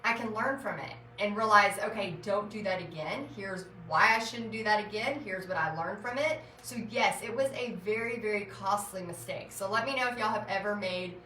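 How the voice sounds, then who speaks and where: A woman's voice: mid-range voice, normal speed, few pauses, far from the mic, slight background noise. A woman, chatting animatedly as she tells a story while painting. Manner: chatty, animated, retells scenes with rising exclaiming voice. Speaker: art vlogger and former teacher. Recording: echoey room, voice a bit off-mic.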